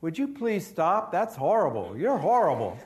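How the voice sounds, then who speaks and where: A man's voice: high-pitched, huge pitch swings, moderate pace, darkish tone. A man voicing a cranky male ghost who complains in a raised, exasperated voice. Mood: disgusted.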